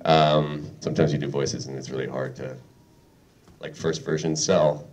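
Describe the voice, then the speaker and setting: A man's voice: a bass voice, flat delivery, moderate pace, a little mellow, far from the mic. A man speaking as a guest on a convention panel, joking and teasing with lots of laughter. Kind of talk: casual convention panel talk. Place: convention panel room with audience. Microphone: filmed from the audience.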